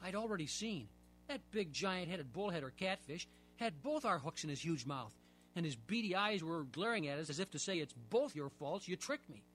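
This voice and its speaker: A man reading a children's story aloud, with expressive, lively storytelling. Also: fairly high pitch, moderate pace, slight background noise.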